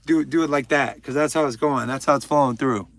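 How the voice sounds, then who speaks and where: A man's voice: medium pitch, fairly quick, a bit bright. A young man hosting a livestream, chatting casually and joking while reading out viewers' names. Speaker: livestream host.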